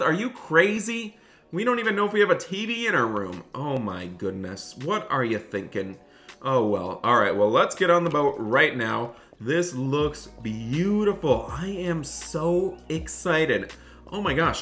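Bright-voiced excitable man. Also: fairly high pitch. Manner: excitable, often scolds his son. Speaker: YouTuber playing a dad in a roleplay. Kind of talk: animated game roleplay commentary.

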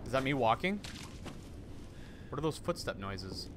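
A young man streaming a horror game, talking to his chat in an excitable, jumpy way with lots of swearing. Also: mid-range voice, unhurried, noisy background. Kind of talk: live gameplay commentary. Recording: voice over game music. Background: game music.

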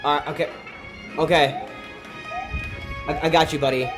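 A young man giving let's play commentary, excitable, joking crudely and yelping at the game. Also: on the high side, moderate pace. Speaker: gaming channel host. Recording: game music behind the voice.

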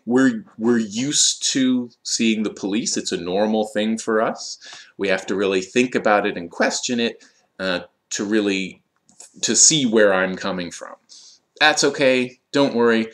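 A man's voice: lowish voice, a bit bright. A man teaching English vocabulary, explaining words carefully with frequent fillers. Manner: slow, deliberate explanations with fillers. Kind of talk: vocabulary lesson.

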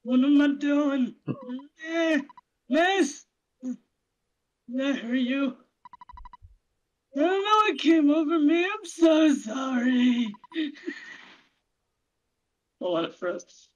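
A woman voicing a bumbling, gruff male police captain in a game playthrough, blustering and bossy. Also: sits high, expressive, very slow, pauses often, muffled recording, exaggerated voice. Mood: flustered.

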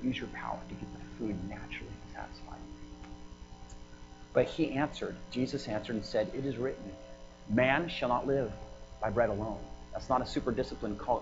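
A man's voice: mid-range voice, lo-fi sound. Chatty male pastor preaching, music behind. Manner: conversational, laughing asides, frequent fillers. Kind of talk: sermon. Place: church prayer house.

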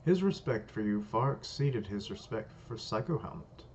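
A man's voice: on the low side, big pitch swings, moderate pace, a little mellow. A man voicing a smug, scheming male spirit, reading comic dialogue aloud in a coaxing, persuasive way. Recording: dull lo-fi, faint hiss.

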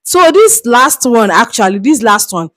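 A young woman from Nigeria talks through street interview clips in a loose, chatty way. Her voice sits a little high, and she breaks into laughs and animated asides as she goes. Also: unhurried. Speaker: reaction video host. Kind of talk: casual reaction commentary.

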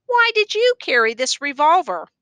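A woman reading the part of a grave male judge who questions the accused in a stern, measured way. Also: sits high, very animated, bright, forceful tone, dry recording, voice pushed up, full character voice.

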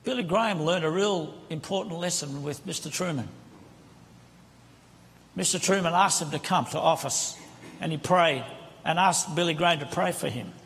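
A man's slightly high, a bit bright voice carries at a moderate pace as he preaches a sermon from the pulpit as a guest preacher. He uses a handheld microphone and an impassioned, conversational delivery. The recording is of a reverberant hall in a large church sanctuary, congregation present.

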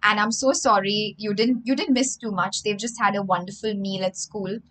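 A woman's voice: mid-range voice, steady tone, moderate pace, a bit bright, rough recording. A young woman, reading a story aloud on a livestream and rephrasing each line in simpler words for children. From India. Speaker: storyteller and English teacher.

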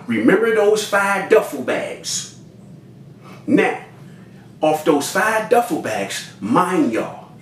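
Lively man telling a story in a roomy space. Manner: talks straight to listeners, repeats cues to remember; acts out other people's lines with big pitch jumps. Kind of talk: animated spoken storytelling. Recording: roomy sound from a distant mic with faint noise.

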